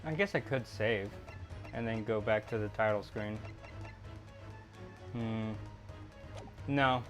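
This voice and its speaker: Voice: mid-range voice, takes it slowly, soft background music. A streamer musing aloud, self-critical about their voice work, in casual let's play commentary.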